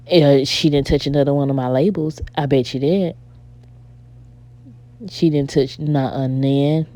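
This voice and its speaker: A young woman vlogger tells a story in casual chat, animated and exasperated, often addressing her viewers as "y'all." Her voice is low-pitched and creaky.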